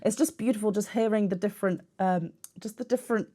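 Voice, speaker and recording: A woman's voice: mid-range voice, fast talker, mellow. A young woman, a vocal coach, chatting enthusiastically while she reacts to and analyses a singer's technique.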